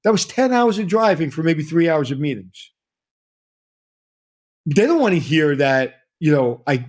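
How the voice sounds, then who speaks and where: In a conversational interview, a middle-aged hotel consultant with a slightly high voice tells stories energetically at a moderate pace. He repeats himself and quotes other people as he goes.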